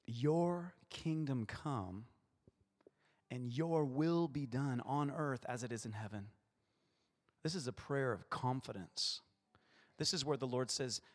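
A man's voice: mid-range voice, slow pace, long pauses, long reverb tail. A male pastor preaching a playful sermon, acting out short voices in his stories.

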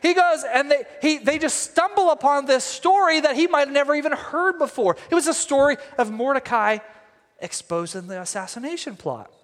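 A male pastor giving a sermon, retelling a story with lively, jokey asides. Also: very high voice, normal speed, in a large hall.

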